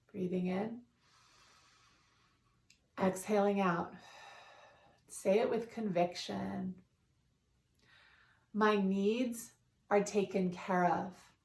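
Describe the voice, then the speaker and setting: A woman guiding a meditation in a calm, soothing way, leading breaths and repeating affirmations. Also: medium pitch, gravelly. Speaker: meditation guide. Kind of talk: guided meditation. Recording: roomy, distant from the mic.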